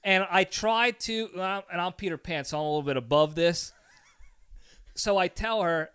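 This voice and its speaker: A man with a high, bright, clear voice, hosting a casual podcast chat. He tells a comic story in an animated way, acts out scenes and laughs often. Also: normal speed. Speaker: podcast host.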